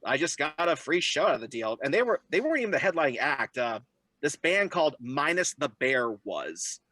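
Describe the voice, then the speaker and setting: A young man telling stories in a casual interview, animated and jumping into high voices when he quotes people. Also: brisk, no echo. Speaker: guest.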